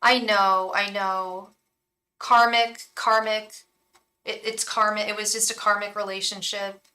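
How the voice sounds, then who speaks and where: Woman tarot reader on a live stream, frank and chatty, bright voice, sitting back from the mic. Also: medium pitch, flat delivery, a little slow, far from the mic, low-quality recording. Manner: frank, chatty, swears casually.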